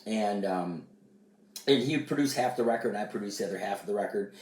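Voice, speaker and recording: A man, a musician and producer, chatting casually and telling animated stories, jumping higher when he acts out what people said. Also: fast. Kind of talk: casual storytelling chat. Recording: echoey room, mic at a distance.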